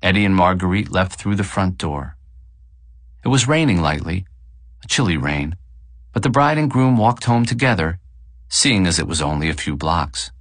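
Male audiobook narrator, very deep voice, lively intonation, dry close sound. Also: no room sound. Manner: measured, expressive reading. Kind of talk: scripted narration.

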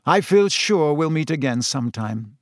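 A kind middle-aged teacher, modest and polite, his voice a little raised and lively, as a storybook narrator puts him on. Close, dry sound. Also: a little high, moderate pace, dry recording, pitched above the performer's own voice, close to an everyday voice. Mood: warm.

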